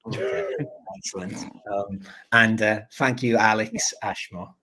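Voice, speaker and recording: Podcast host, male, lower register, rambling and apologetic, casual delivery. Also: fairly even intonation, a little slow, pushed and bright, low-quality recording.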